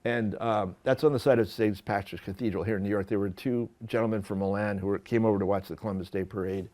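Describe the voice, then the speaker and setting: A man, a photographer, telling stories from his career to an audience in a lively, self-deprecating way with many restarts. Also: lowish voice, quick pace. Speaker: photographer giving a talk. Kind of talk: storytelling lecture. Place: lecture hall at an art school.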